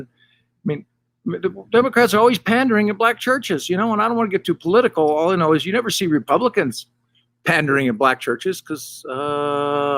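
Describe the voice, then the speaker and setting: Rambling middle-aged stand-up comedian. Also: male voice, on the high side, dry recording. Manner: rambling, loose delivery with deadpan punchlines. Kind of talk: casual stand-up monologue to camera. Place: hot tub. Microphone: camera mic.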